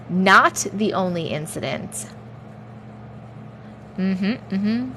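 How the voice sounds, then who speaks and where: Playful woman livestreamer, slightly high voice. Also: animated, normal speed, a little hiss or hum. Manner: playful, drifts between put-on accents; thanks viewers warmly and often. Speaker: livestream host reading viewer stories. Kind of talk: casual livestream chat and story reading.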